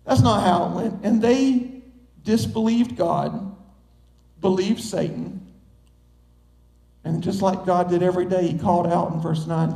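A high-voiced male pastor preaching an emphatic sermon, stacking up repeated phrases. His voice rings out through a reverberant church hall. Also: animated, unhurried, creaky, darkish tone. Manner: emphatic, building with repetition.

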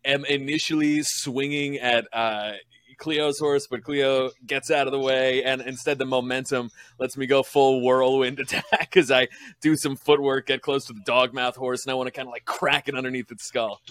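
Bright-voiced man playing a tabletop game. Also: mid-range voice, little pitch movement, normal speed, no echo. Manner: laughs often and jokes. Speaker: player. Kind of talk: casual tabletop play.

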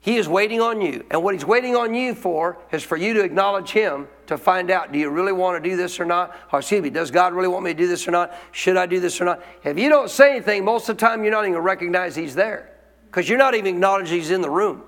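Guy preaching, talks to the crowd like a chat, high voice, big hall echo. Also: fast, fairly bright tone. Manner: conversational, asks the congregation questions. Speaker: pastor. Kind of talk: sermon.

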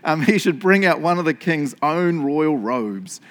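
A man voicing an arrogant, self-important official from an ancient royal court, drawn-out and smug, as part of a sermon. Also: on the high side, lively intonation.

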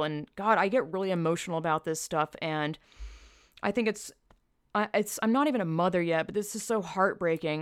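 A woman's voice: fairly low pitch, clear, resonant tone, no echo, studio quality. A young woman hosting a podcast, talking bluntly and emphatically with frequent swearing and exclamations. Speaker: podcast host. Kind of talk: casual opinionated podcast commentary.

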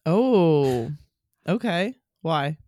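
A woman's voice: low-pitched, very animated, very slow, warm tone, no room sound, clean studio sound. A woman in her thirties co-hosting a podcast in casual chat, playful and self-mocking, laughing often. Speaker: podcast co-host.

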